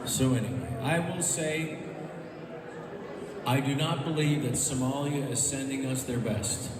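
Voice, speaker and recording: A man's voice: mid-range voice, a little slow. A man, a comedian guest, telling a rambling, hesitant stand-up style story on a talk show. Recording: distant roomy clip, background noise.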